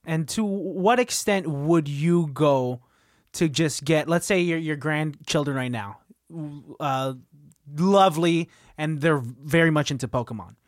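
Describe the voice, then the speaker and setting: A podcast co-host in casual movie chat, playful with quick asides. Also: medium pitch, no room sound, clean studio sound.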